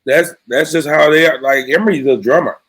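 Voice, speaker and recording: A man's voice: a little high, brisk, fairly bright tone, husky, low-quality recording. A man chatting casually in a laid-back, joking way about parenting. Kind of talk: casual chat.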